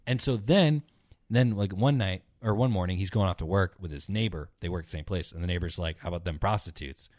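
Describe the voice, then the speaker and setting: A man's voice: fairly quick, darkish tone, no echo, studio quality. A young man chatting casually on a podcast, retelling stories in a rambling way, swearing often and acting out the characters. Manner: rambling, swears a lot, acts out characters in a low mutter. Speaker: podcast co-host.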